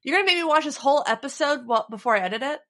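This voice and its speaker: A woman co-hosting a podcast in casual chat, wry and deadpan as she teases. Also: high voice, very fast. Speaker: podcast co-host.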